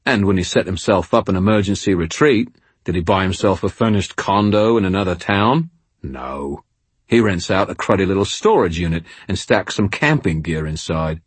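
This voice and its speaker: A coarse hireling, gruff and irritable, growling his words, as a male narrator voices him. The voice is low and husky with a dry, close sound. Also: lively intonation, normal speed, dry recording. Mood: gruff, cunning. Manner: annoyed, growling, swears constantly. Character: coarse, gruff British hired mercenary man.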